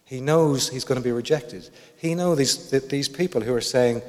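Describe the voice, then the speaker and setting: A man's voice: medium pitch, normal speed, hardly any pauses. A man preaching a sermon, thoughtful, asking his listeners many questions. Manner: reflective, asks the congregation questions. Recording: long hall reverb.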